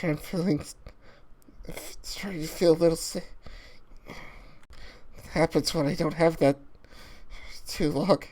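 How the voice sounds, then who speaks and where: A grieving young man racked by need, halting and tearful, his voice swooping up and down and cracking into gravel, as a woman plays him at a gaming table. He drags out his words slowly. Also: high-pitched, animated, darkish tone, full character voice. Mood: shaken. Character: young man addicted to a drug, grieving, desperate. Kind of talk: tabletop role-play voice acting.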